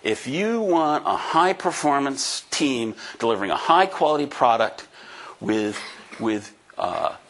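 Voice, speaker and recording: A man's voice: mid-range voice, fairly bright tone, breathy edge. A man in his sixties giving a presentation to a live audience, talking in an emphatic, folksy way and often checking in with "right?". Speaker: conference speaker and book co-author. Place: talk before a live audience.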